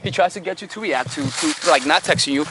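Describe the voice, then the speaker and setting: A man's voice: a little high, fast talker, heavy background noise. A man giving dating advice in a casual monologue, talking in a conversational way with swearing and lots of rhetorical questions. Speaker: dating coach.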